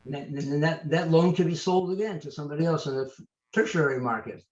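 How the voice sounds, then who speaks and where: An older man, an author, telling lively anecdotes as an interview guest, often restarting his sentences. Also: a little high, fast, reverberant, lo-fi sound. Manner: animated, anecdotal, trails off and restarts. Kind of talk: storytelling interview answers.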